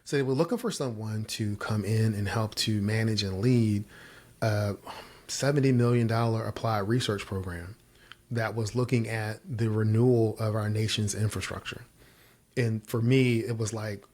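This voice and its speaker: A male guest from Virginia in the US gives storytelling answers in an interview at a moderate pace. He's an animated storyteller whose voice jumps high when he quotes himself.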